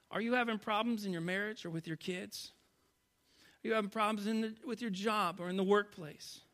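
Preaching to a congregation from a church stage, a man with a high-pitched voice moves between hushed, quiet sections and loud, animated ones in his sermon.

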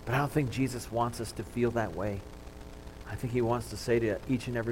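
A man preaching a sermon as pastor in a church, talking in a conversational, self-deprecating way and dropping to a soft hush at times. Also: mid-range voice, fairly even intonation, a little fast, noisy background. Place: church sanctuary with congregation.

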